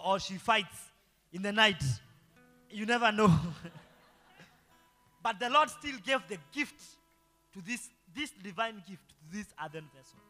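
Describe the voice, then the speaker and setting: Male pastor, high bright voice, preaching in a reverberant hall over light guitar. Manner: preaching with rhetorical call-and-response questions. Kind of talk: sermon.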